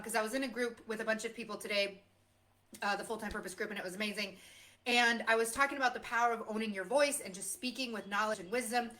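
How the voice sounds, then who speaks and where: A woman with a bright, forceful voice speaks fairly high, live and unscripted. She rambles with passion and keeps repeating her key lines for emphasis. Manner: impassioned, rambling, emphatic repetition. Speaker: host of a motivational live stream. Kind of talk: unscripted live stream monologue.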